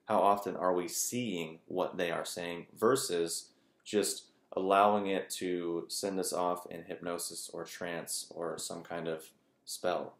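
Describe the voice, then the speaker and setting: A man's voice: low-pitched, level tone, slow, gravelly, echoey room. A man talking casually to his channel's viewers, rambling loosely and peppering his thoughts with "like" and "kind of". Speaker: spiritual teacher, YouTuber. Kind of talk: casual monologue to camera.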